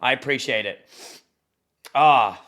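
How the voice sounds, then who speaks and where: A man's voice: mid-range voice, slow pace, bright, forceful tone. A young Australian man, a streamer, chatting casually with his viewers, joking and reading the chat aloud, a bit sniffly from hay fever.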